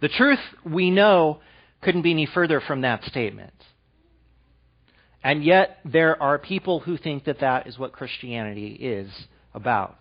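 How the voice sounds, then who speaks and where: A man's voice: on the high side, animated, measured pace, muffled recording. A man preaching a sermon, reading scripture aloud, then explaining it with rising emphasis. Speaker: pastor.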